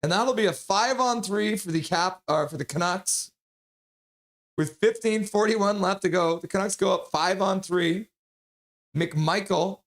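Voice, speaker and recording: A man streaming live play-by-play commentary, joking with viewers between calls and getting loud and excited on big plays. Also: high-pitched, a little slow. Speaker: streamer calling the game live.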